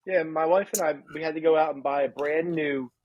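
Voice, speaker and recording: Podcast co-host, male, 30s, husky tone, dry close sound, ranting casual delivery. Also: on the high side, steady tone, fairly quick, dry recording, lo-fi sound. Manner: ranting, laughs at his own jokes. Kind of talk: casual chat.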